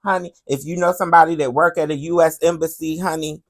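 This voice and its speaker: A woman hosting a commentary podcast who talks about current events in a sassy, animated way and keeps calling the listener "honey". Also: low voice, fast talker.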